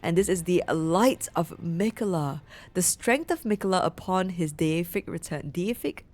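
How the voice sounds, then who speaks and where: A woman's voice: fairly low pitch, normal speed, a little mellow, faint music behind. A young woman streaming a game, gushing and emotional in casual commentary, swearing freely and reading item text aloud. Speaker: gameplay streamer. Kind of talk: excited gameplay commentary.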